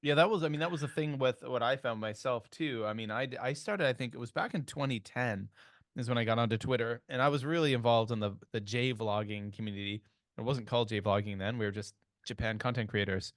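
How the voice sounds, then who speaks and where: Canadian guy hosting a podcast, mid-pitched, dry close mic, rambly and chatty. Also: a little fast, dry recording. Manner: chatty, storytelling, many restarts. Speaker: podcast host. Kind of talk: casual podcast chat.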